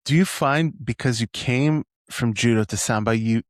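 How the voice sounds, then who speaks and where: A man from Edmonton hosts a casual interview, full of enthusiasm, looping through half-finished thoughts and restarts. His voice is mid-pitched. The sound is dry and close, with no echo. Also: normal speed. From Edmonton, Canada. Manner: rambling, enthusiastic, many restarts. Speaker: podcast host.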